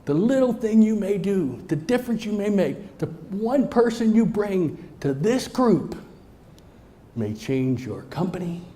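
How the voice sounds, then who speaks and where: A middle-aged man gives a storytelling speech to a live audience in a meeting room. He swings between emphatic lines and hushed, near-whispered asides. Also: sits high, sing-song, measured pace. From Southern United States. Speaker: motivational speaker.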